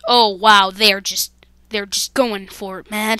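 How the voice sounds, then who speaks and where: A woman's voice: mid-range voice, steady tone, takes it slowly, sharp tone, smooth, no echo. A woman hosting a let's-play gaming video, commenting to her viewers with jumpy, dramatic exclamations. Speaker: gaming channel host.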